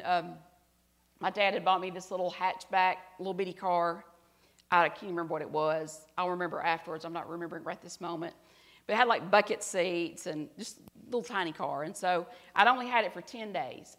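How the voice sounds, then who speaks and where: Brief middle-aged woman preacher, earnest storyteller, goes soft and hushed at tender moments. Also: fairly low pitch. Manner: earnest storytelling, drops to soft quiet tones at emotional parts. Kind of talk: sermon with personal story.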